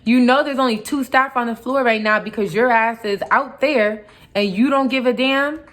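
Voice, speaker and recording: A woman's voice: fairly high pitch, moderate pace, fairly bright tone. A young woman vlogger retelling a workplace clash in a heated, casual storytime, full of asides and mock quotes.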